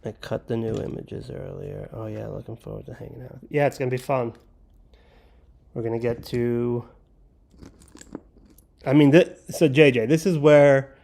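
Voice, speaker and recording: A man's voice: mid-range voice, steady tone, moderate pace, gravelly, pauses often, a little mellow. A man hosting a livestream, chatting casually and joking while he builds. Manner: rambling, joking, talks while handling pieces. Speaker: livestream host.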